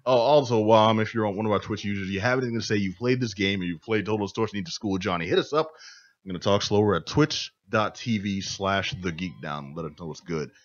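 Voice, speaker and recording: Fast-talking deep-voiced male host. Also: lo-fi sound. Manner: quick, joking, steers the talk. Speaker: radio show host. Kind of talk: casual radio chat.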